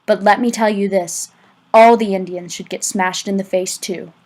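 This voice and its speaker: A woman's voice: mid-range voice, fairly even intonation, a little mellow, natural voice, poor audio. A woman reading the lines of an earnest adult male teacher in an amateur audiobook, talking urgently and sometimes stammering. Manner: urgent, halting, stammering in places.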